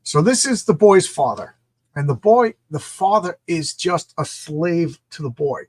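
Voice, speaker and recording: Husky enthusiastic middle-aged man reviewing comics. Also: fairly high pitch, expressive, a little slow. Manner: enthusiastic, rambling, repeats words. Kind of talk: casual comic review vlog.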